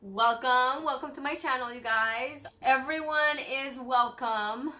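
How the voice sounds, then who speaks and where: A woman's voice: high-pitched, takes it slowly, pushed and bright. A young woman chatting casually to her viewers on her vlog, bubbly and rambling with lots of fillers. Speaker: vlogger.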